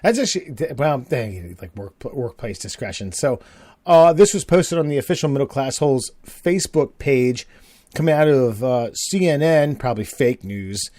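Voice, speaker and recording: Co-hosting a podcast, a man tells stories in a rambling, casual way, full of fillers and swearing. His mid-range voice is animated and warm at a moderate pace, recorded cleanly in a studio with no room sound.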